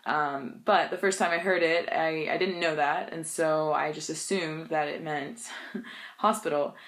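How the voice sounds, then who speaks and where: A young woman with a slightly low voice tells funny stories in a casual vlog. She is chatty and animated, and she laughs often. English is her first language. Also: a little slow. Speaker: vlogger.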